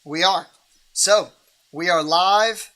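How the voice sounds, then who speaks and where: A man's voice: high-pitched, slow, bright, forceful tone. A man hosting a livestream Bible reading in a casual, rambling way, with many restarts and fillers.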